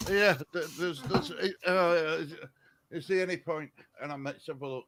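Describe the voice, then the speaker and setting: A man's voice: fairly high pitch, moderate pace, background noise. A man, co-hosting a casual live stream, chatty with viewers and flustered by the technology. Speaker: stream co-host.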